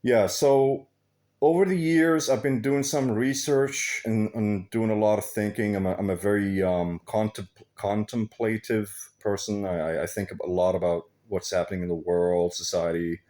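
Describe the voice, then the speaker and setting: A man's voice: fairly low pitch, fairly even intonation, moderate pace, mellow. A man talking in a casual, rambling vlog monologue, swearing freely and laughing often. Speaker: vlogger.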